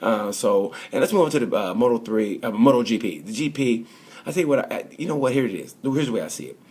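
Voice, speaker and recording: A man's voice: medium pitch, lively intonation, fast talker, a little mellow, slightly rough. A man casually reviewing a motorcycle race in a rambling, chatty way. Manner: rambling, chatty, full of fillers and restarts. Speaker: motorsport vlogger.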